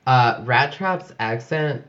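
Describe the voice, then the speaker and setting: A man co-hosting a casual book discussion podcast, animated and laughing often as he mimics voices. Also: mid-range voice, slow, slight background noise. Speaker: podcast co-host. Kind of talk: casual chat. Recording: dull lo-fi audio.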